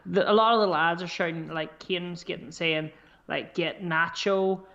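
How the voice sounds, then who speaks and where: A man co-hosting a podcast in casual chat, chatty and animated, swearing freely as he talks. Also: a little high, moderate pace, vocal fry, highs cut off. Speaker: podcast co-host.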